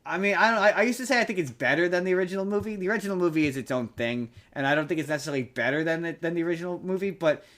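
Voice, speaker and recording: A man's voice: a little high, rapid-fire, few pauses, fairly bright tone. A man co-hosting a podcast in casual chat, rambling with frequent restarts and fillers. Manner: rambling, many restarts and ums. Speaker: podcast co-host.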